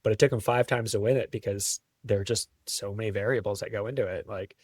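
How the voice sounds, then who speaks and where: A man's voice: on the low side, fairly even intonation, fast talker, a little mellow, husky, no echo, studio quality, recorded from a distance. A man talking as a podcast guest, telling stories in an easygoing way and laughing often. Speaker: guest, trail runner. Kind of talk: casual interview chat.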